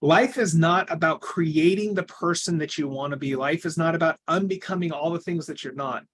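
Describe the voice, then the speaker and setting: A man's voice: on the high side, normal speed, a little hiss or hum. Earnest man telling a personal story. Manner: earnest, varies between loud emphasis and quiet asides. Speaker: speaker giving a coaching talk.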